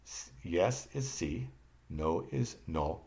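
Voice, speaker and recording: A man with a very low voice walks learners through a slide lesson. He speaks patiently and repeats each phrase so they can say it back. Now and then he stops mid-word and corrects himself. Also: moderate pace, a little mellow. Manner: occasional restarts and self-corrections. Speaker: language teacher. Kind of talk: slide-based lesson narration.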